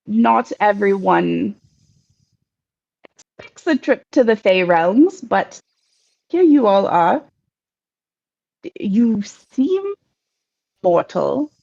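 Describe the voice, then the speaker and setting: A woman's voice: medium pitch, gravelly, a little mellow, exaggerated voice. A woman voicing a chatty, formal male spider messenger who talks in a fussy, rambling way in a tabletop game. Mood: probing. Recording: dull lo-fi recording.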